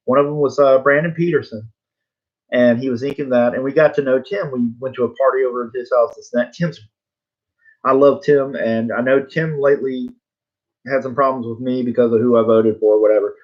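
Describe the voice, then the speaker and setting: Over dull audio, a man in his forties who draws comic books rambles through a story for his viewers, speaking a little fast in a medium-pitched, fairly even tone. He's tongue-in-cheek and relaxed, leaning on fillers and chuckling at his own expense.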